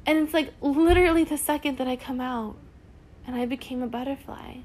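Young woman, podcast host, personal storytelling; fairly high voice, chatty and earnest, peppers every sentence with "like". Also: a little fast, darkish tone, a little hiss or hum. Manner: chatty, heavy use of "like" fillers; earnest and emotional.

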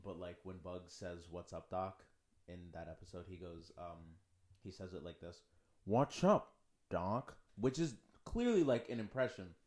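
Low-voiced man chatting casually. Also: expressive, normal speed, mellow. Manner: enthusiastic, lots of "like" fillers. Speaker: podcast co-host. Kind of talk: casual chat.

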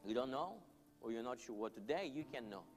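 A man's voice: medium pitch, animated, brisk. A man preaching an altar call, earnest and pleading, leading the congregation in prayer line by line. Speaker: pastor. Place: church hall. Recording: long hall reverb, soft music behind.

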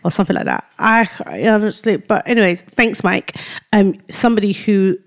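A woman's voice: medium pitch, brisk. Woman, podcast co-host, casual banter, playful teasing tone. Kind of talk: casual chat.

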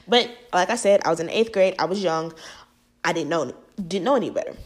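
A young woman from the United States vlogging, giving casual and profane celebrity commentary and acting out the voices she quotes. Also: brisk. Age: young adult. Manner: animated, profane, acts out quoted voices high and loud.

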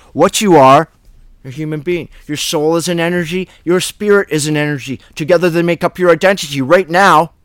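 A man's voice: fairly high pitch, no echo. A man hosting a Bible study, preaching in a blunt, fiery, plain-spoken way.

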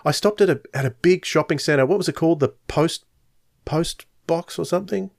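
A man's voice: on the high side, a little fast, creaky. A man hosting a podcast, chatting in a friendly, easygoing way with small hesitations. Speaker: podcast host. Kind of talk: casual chat.

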